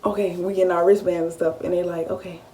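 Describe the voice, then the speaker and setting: A woman in her late teens, telling a story-time vlog in a casual, animated style. She swears freely and often acts out what she was thinking. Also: on the low side, fast, recorded from a distance, a little hiss or hum. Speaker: vlogger.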